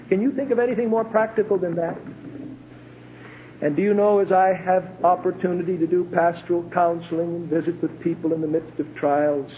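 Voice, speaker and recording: A middle-aged man preaching a sermon as a pastor, with emphatic swells and sudden hushed drops. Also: high-pitched, fairly even intonation, normal speed. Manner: emphatic preaching, rising to ringing climaxes and dropping to hushed tones. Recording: tinny phone-like old sermon tape with faint hiss.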